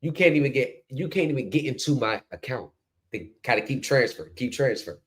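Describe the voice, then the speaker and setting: A man's voice: medium pitch, fairly quick. A man hosting a casual commentary chat, telling stories and acting out the people he quotes. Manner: animated storytelling, acts out quoted people. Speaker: host.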